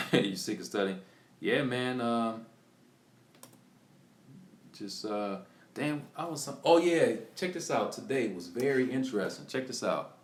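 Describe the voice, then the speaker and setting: A man on a live stream tells a story in a lively, swooping voice, full of restarts and voices for the people in it. His talk bounces around an echoey room. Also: mid-range voice, measured pace, pauses often. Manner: animated, excited retelling with restarts and acted quotes. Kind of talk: casual storytelling to viewers. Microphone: computer mic on a live stream.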